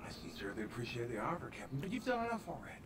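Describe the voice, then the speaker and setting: An actor playing a brisk, polite male military officer in a video game. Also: mid-range voice, sing-song, close to an everyday voice. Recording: distant noisy game audio.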